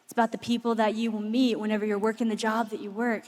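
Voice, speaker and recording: A woman delivers a passionate sermon, her high voice carrying stories and then easing into soft, intense appeals. She is speaking to thousands in a vast arena, and a long reverb trails behind every phrase. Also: level tone, fast. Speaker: preacher. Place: large arena before thousands.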